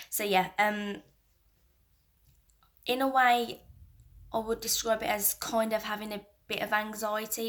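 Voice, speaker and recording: A young woman in her twenties, a mother talking candidly to camera, soft-spoken and halting with many restarts, close to tears at times. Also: medium pitch. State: emotional, near tears at times. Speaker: mother and vlogger. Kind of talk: candid personal talk to camera.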